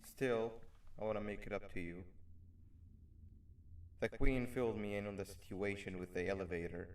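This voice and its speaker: A man's voice: on the low side, moderate pace, distant mic, lightly acted. A man voicing a remorseful game creature who wants to make amends, speaking earnestly. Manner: earnest, apologetic and steady. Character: remorseful monster turned ally, male, apologetic.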